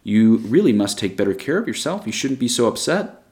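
A man reading aloud voices a smiling young woman teacher who speaks gently and sweetly. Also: mid-range voice, very animated, fairly quick. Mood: gentle.

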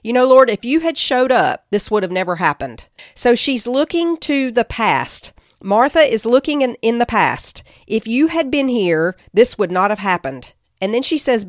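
A woman's voice: on the high side, dry recording, clean studio sound. Earnest woman teaching scripture. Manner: earnest, reads scripture aloud with emphasis. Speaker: podcast teacher. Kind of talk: devotional teaching.

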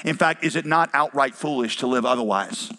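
A middle-aged man preaching a sermon to his congregation, lively, with acted-out quotes and rhetorical questions. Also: mid-range voice, brisk. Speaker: pastor.

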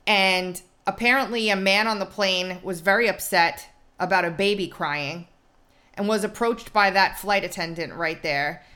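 Chatty woman podcast host. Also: a bit bright. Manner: chatty, wry, drops to low asides. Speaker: show host. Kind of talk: casual commentary.

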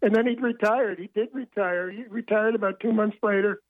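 Over a telephone line, an older man who writes books rambles through anecdotes as a guest on a phone-in radio interview, restarting often. His voice is high and steady, a little fast, with no room sound.

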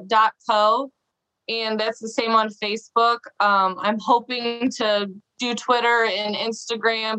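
A woman's voice: medium pitch, bright, forceful tone, smooth, poor audio. A woman guest on a casual podcast interview, bubbly and laughing often, acting out quoted voices as she tells her story. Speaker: podcast guest, small business owner.

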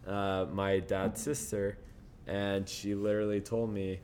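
A young man guests on a podcast, voice on the low side and a little slow. He tells stories in casual chat, animatedly acting out what people said and laughing often.

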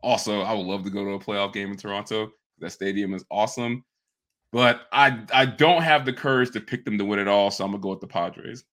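A man's voice: fairly low pitch, fairly quick, fairly bright tone. A man co-hosting a sports podcast in casual chat, easygoing and joking, often repeating his words. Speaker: podcast co-host.

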